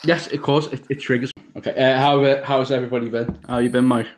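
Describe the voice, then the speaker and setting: A man's voice: medium pitch, flat delivery, fast, slight background noise. A man hosting a podcast, chatting casually with a bantering, playfully exasperated manner. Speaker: podcast host. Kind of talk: casual chat.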